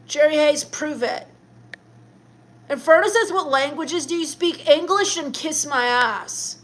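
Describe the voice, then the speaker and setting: A high-pitched young woman reads her chat on a livestream. She answers viewers with sassy, snappy comebacks. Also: unhurried, fairly bright tone. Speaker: live streamer. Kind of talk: in-character comedy livestream reading chat.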